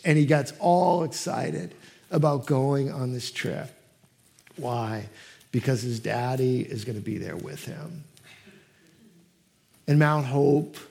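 A man preaching a sermon as pastor at a church service, telling stories with lively quoted voices. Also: medium pitch, vocal fry. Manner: animated storytelling, acts out quoted voices.

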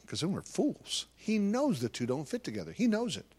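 Animated man speaking to an audience. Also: sits high, brisk, breathy edge. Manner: animated storytelling, acting out conversations. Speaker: Christian ministry speaker. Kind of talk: live talk to an audience.

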